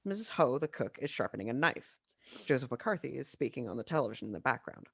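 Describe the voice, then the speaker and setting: A man narrating the stage directions of a screenplay at a casual video-call table read, with steady reading and dry asides. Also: medium pitch, fast talker, creaky, breathy edge, dry recording, dull audio.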